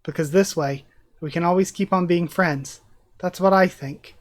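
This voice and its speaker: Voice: mid-range voice, normal speed. Manga readthrough host, reads the lines in their own voice, keeps cracking up laughing, close mic. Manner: reads character dialogue in a near-normal voice, breaks into laughter. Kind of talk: reading a manga aloud with commentary.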